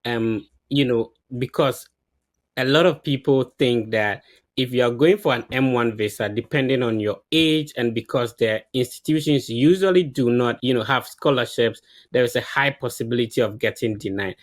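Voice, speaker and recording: A man's voice: mid-range voice, normal speed. A man hosting an interview, asking long, carefully framed questions. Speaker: interview host.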